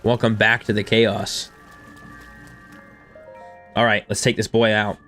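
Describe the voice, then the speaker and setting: A man in his thirties streaming a game and chatting with his viewers in a casual, self-deprecating way, with quiet music underneath. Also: fairly low pitch, level tone, slow pace, pauses often. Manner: chatty and self-deprecating, reading chat aloud. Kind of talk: casual live-stream chat over gameplay.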